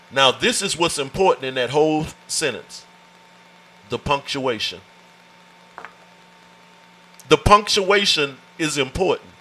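Emphatic bright-voiced man teaching scripture. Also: on the high side, low-quality recording. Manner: emphatic, calls to the listeners with "watch this" and "amen"; informal, folksy phrasing. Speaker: Bible teacher. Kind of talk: Bible study teaching.

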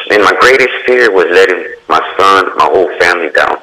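A man sharing an earnest, emotional personal testimony in conversation, halting and restarting as he speaks. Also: deep voice, lively intonation, sharp tone, low-quality recording.

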